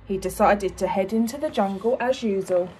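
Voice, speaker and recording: A woman teacher reading a picture book to young children, expressive and asking them questions. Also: medium pitch, normal speed, slightly rough.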